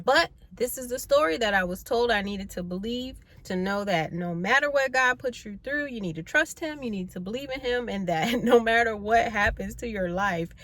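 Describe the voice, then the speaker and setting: A woman hosting a video, retelling an old story as comedy in casual slang with exasperated, expressive delivery. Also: on the high side, moderate pace, few pauses. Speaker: video host.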